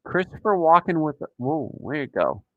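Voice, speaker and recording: A man's voice: fairly high pitch, sing-song, moderate pace, no echo, phone-quality sound. A man hosting a casual live stream, joking and rambling in a playful, silly way.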